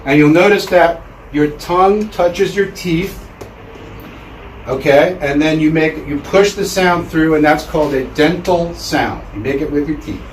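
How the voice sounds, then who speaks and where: A man with a fairly high voice delivers a loose, chatty lecture to a live audience, often pausing to have them repeat words back. He sounds distant from the mic in an echoey room, with faint ambient hiss behind him. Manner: chatty, with many fillers and audience drills. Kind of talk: casual public lecture.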